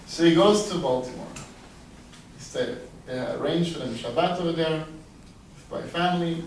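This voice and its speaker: Animated storytelling rabbi, echoey room. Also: male voice, moderate pace, slight background noise. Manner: animated, acts out quoted dialogue with big pitch leaps. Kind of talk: storytelling sermon. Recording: echoey room, voice heard from a distance.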